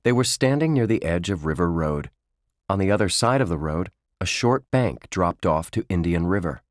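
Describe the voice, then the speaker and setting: A man narrating a children's book in a slow, measured storytelling manner. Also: low-pitched, animated, dry recording, clean studio sound. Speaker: audiobook narrator.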